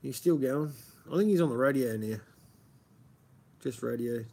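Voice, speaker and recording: This is an Australian man with a rough, husky voice at an ordinary pitch. He chats casually and rambles from one thought to the next. He swears freely and keeps calling people mate. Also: normal speed, warm tone. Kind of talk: casual chat.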